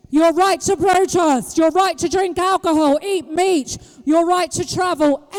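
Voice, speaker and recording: British woman activist, very high voice, rousing rally speech, reverberant outdoor recording. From Britain. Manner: rousing, rhetorical questions to the crowd, bursts of shouting. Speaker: street activist speaking at a rally. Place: outdoor public square at a rally.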